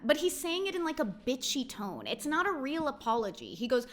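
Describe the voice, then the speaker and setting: A young woman with a bright, high voice that swoops all over as she gives her blunt take on reality TV drama. She swears freely and fills her talk with "like," keeping it casual and unscripted. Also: sing-song, fairly quick, hardly any pauses. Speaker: reality TV recap host. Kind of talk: casual opinionated recap.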